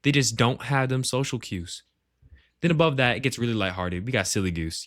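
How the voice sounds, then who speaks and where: A man's voice: medium pitch, a little fast, a bit bright, dry recording, studio quality. A man ranking members of his gaming group in casual, rambling commentary, full of slang and swearing. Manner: profane, rambling, slangy banter. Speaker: gaming clan leader. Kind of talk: casual tier-list commentary. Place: at home, shared with family.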